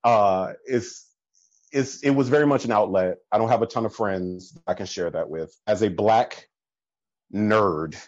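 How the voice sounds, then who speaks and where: A man talking as a podcast guest, telling stories in an animated way and acting out what people said. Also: fairly low pitch, unhurried, no echo, muffled recording. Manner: animated storytelling with laughs and quoted voices. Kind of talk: casual conversation.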